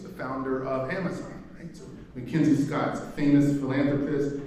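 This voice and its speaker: Speaking warmly in a mid-range voice, this executive director from Indiana delivers his keynote with humor and a conversational style. He tells personal stories and questions the crowd, while the distant mic picks up the event hall's echo.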